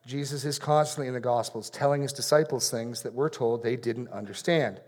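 A man preaching an expository sermon in an earnest way, repeating key phrases for emphasis and going quiet on solemn points. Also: mid-range voice, fairly quick.

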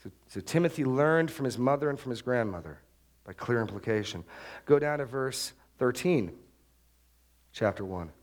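A middle-aged male pastor preaching an expository sermon, emphatic and repetitive, with sharp upward jumps when he stresses a point. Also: mid-range voice, lively intonation, normal speed, long pauses. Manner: emphatic, repeats key phrases, rises sharply for stress.

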